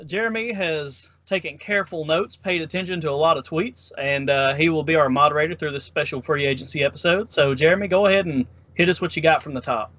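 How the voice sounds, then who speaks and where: A man's voice: a little high, fast talker, few pauses, fairly bright tone, lo-fi sound. A man hosting a casual sports podcast, upbeat and teasing his co-hosts. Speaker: podcast host.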